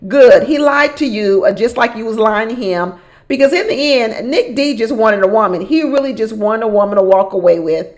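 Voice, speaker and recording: A woman giving a casual recap of a reality show. She is animated, often repeats phrases for emphasis, laughs often and talks straight to the people on the show. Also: fairly high pitch, normal speed. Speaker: reality show commentator and relationship coach.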